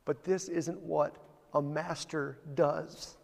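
A man's voice: on the high side, steady tone, slow pace, gravelly, a little mellow, in a large hall. A man preaching a sermon as a pastor, telling the story vividly and building to emphatic points.

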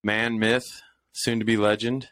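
A man's voice: lowish voice, flat delivery, unhurried, a bit bright, no room sound. A man hosting a podcast, talking in a loose, rambling way with casual restarts. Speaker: podcast host.

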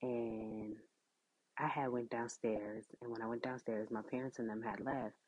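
A woman with a notably low voice tells a personal story at an unhurried pace, loose and chatty, leaning on "like" and "you know". The recording sounds dull and lo-fi. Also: fairly even intonation, a little mellow, husky. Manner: conversational, many fillers like "like" and "you know". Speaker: podcast host.

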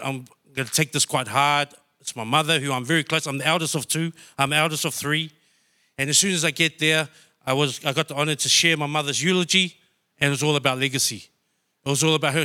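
A man from New Zealand with a bright, forceful, somewhat higher voice tells his story in church. He speaks in a heartfelt, emotional way, as a personal testimony. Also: clear, resonant tone. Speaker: church member sharing testimony.

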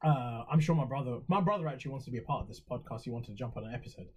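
A man's voice: medium pitch, very fast, darkish tone, breathy edge, muffled recording. A young English man talking in a reflective, rambling way on a casual podcast, with many fillers and restarts. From England. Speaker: podcast co-host.

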